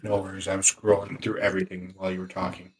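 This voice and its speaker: A man co-hosting a podcast, making low-key, offhand remarks in casual chat. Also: monotone, fast, rough recording. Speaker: podcast co-host.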